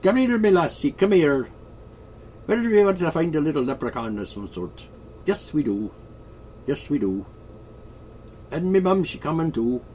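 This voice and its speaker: A man's voice: a little high, sing-song, moderate pace, pauses often, dark tone, slight background noise, pitched above the performer's own voice. A man putting on a jovial, singsong Irish voice, calling out for his lassie. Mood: jolly. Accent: put-on Irish.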